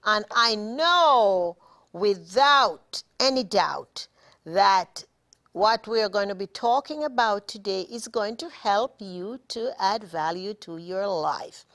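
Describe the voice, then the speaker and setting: A woman with a Jamaican accent hosting a studio talk show, slowly and deliberately coaching viewers through a self-help exercise. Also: mid-range voice, expressive, fairly bright tone. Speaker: show host. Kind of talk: motivational talk show monologue.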